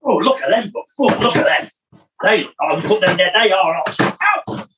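A man's voice: high voice, normal speed, noisy background. A man chatting casually as a podcast guest from his home kitchen, rambling and laughing easily. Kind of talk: casual chat.

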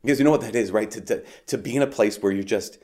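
A man reading scripture in a measured, solemn way, then giving a chatty homily as a priest, full of "like" and "um". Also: on the low side, darkish tone. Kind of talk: Gospel reading and casual homily.

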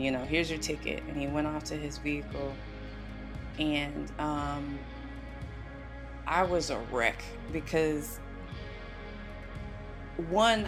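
Low, gravelly-voiced woman telling a personal story. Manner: emotional, earnest, heavy on fillers like "you know". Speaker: podcast guest.

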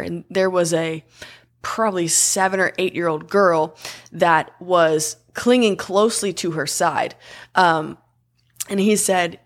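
Lively young woman telling a story. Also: on the low side, a little slow. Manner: animated, acts out quoted voices. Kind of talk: casual storytelling.

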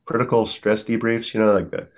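American vet guy, kinda low voice, earnest war stories, lots of you know. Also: little pitch movement, brisk. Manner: earnest, many fillers, acts out quotes. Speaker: guest, military veteran. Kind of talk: storytelling in a podcast interview.

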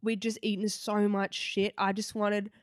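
A young woman, co-hosting a podcast and telling a travel story in lively casual chat, acting out what people said and swearing freely. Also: medium pitch, unhurried, dry recording, clean studio sound. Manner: animated, swears casually, acts out quotes. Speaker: podcast co-host.

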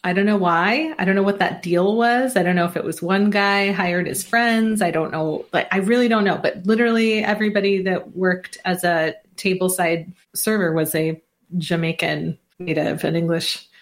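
A woman in her forties, a communication consultant, telling a story in a relaxed interview with frequent laughs and fillers. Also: fairly low pitch, moderate pace.

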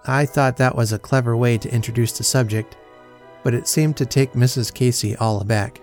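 Brief: male host reading a vintage tale, even and dry, middle pitch. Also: soft background music. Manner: measured, dry storybook reading. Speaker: podcast host reading a story. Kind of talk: storytelling narration.

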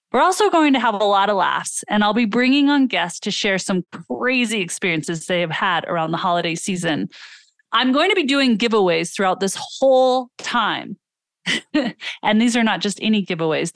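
A woman's voice: medium pitch, a bit bright, dry recording, studio quality. A woman hosting a podcast, speaking enthusiastically to listeners as friends while promoting a giveaway and a sleep guide. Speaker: podcast host and coach. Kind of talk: upbeat podcast intro and promo.

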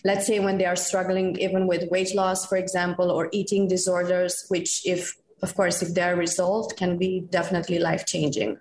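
A woman with a Romanian accent asks a careful, polite question in an echoey room. A faint background hiss sits under her voice, which is at a middle pitch. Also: little pitch movement, normal speed, few pauses, a little mellow. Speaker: community manager asking a question. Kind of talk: asking an interview question.

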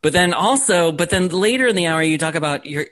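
A man's voice: a little high, lively intonation, fairly quick, a bit bright. A man hosting an interview, attentive, giving short backchannels and asking long, winding questions. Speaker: interviewer, host.

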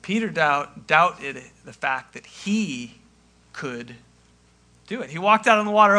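A man preaching a sermon in a conversational way, acting out quoted lines and swinging from loud to hushed. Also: sits high, lively intonation, normal speed. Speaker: pastor.

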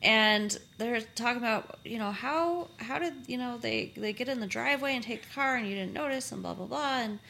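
A woman's voice: fairly high pitch, moderate pace, vocal fry, few pauses, pushed and bright, slight background noise. A woman co-hosting a podcast, chatting casually and a bit hesitantly with fillers while recapping a TV episode. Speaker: podcast co-host.

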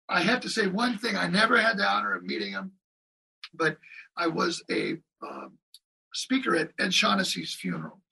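A man telling drumming anecdotes in an interview, excitable and animated, acting out other people's lines and singing drum beats. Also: high voice, moderate pace, creaky, long pauses, slightly rough, recorded from a distance, rough recording. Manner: lively anecdotes with voiced impressions and drum sounds. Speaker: guest drummer.

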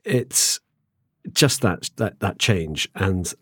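A man's voice: sits low, lively intonation, very slow, a bit bright, husky, dry recording, clean studio sound. A middle-aged man hosting a podcast, chatting casually and rambling with many restarts. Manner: rambling, restarts often, chuckles. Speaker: podcast host. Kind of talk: casual conversation.

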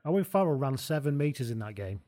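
A man's voice: medium pitch, big pitch swings, brisk, dark tone, dry recording, clean studio sound. A man co-hosting a casual rugby podcast, wry and chatty, reading out match stats. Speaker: podcast co-host. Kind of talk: casual sports chat.

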